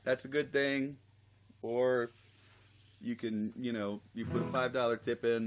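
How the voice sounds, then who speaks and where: A man's voice: mid-range voice, little pitch movement, a little slow, pauses often, a little hiss or hum. A man with a tickle in his throat, chatting casually between songs as a singer-songwriter on a livestream. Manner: chatty, rambling, self-deprecating. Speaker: singer-songwriter streaming a live show. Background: guitar music.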